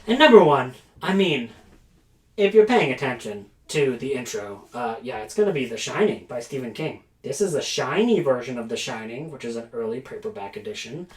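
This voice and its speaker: A man's voice: mid-range voice, very animated, normal speed. A man casually reviewing horror books for a vlog, enthusiastic and prone to rants, with lots of "like" and "um". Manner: enthusiastic, ranting, filler-heavy. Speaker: book reviewer. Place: small storage room, indoors. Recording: roomy storage-room echo.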